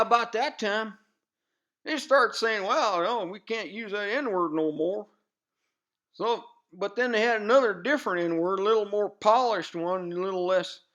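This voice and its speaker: A man's voice: sits high, bright, forceful tone, full character voice. A man doing a rambling redneck pundit. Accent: Southern US rural. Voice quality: folksy drawl, rambling with constant fillers. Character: loud-mouthed male redneck commentator, grumbling and bigoted. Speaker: satirical news pundit. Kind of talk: comedic character monologue.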